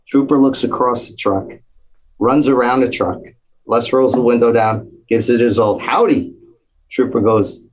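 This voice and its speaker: A man telling a lively anecdote in casual conversation, acting out the quotes. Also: mid-range voice, slightly rough, poor audio. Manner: animated storytelling, acts out quotes. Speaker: storyteller, former police officer.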